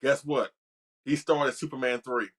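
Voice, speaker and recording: A man's voice: medium pitch, fairly even intonation, moderate pace. A man co-hosting a casual podcast, talking enthusiastically with lots of "you know" and "like". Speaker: podcast co-host. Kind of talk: casual chat.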